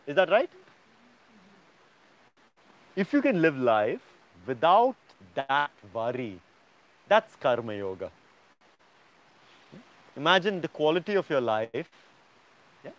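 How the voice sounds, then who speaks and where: A man's voice: fairly high pitch, very animated, takes it slowly, pauses often, dull audio. A man teaching a yoga class, lecturing students emphatically and often checking in with "yeah?".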